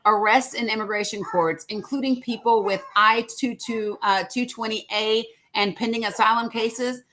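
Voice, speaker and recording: A woman's voice: a little high, fairly even intonation, normal speed, a bit bright, poor audio. A woman host, chatting casually to viewers and reading statements aloud. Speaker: show host. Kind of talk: casual live-stream commentary.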